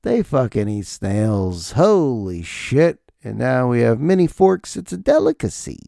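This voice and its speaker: A middle-aged man hosting a podcast, rambling through profane, animated comic stories on a close mic. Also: medium pitch, a little slow, vocal fry, no echo. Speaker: podcast host. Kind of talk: comedic podcast monologue.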